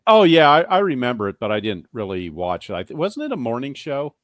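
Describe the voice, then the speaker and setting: A man on a live talk show panel, replying in a relaxed, agreeable way. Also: medium pitch, brisk, no echo, studio quality. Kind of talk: casual talk show chat.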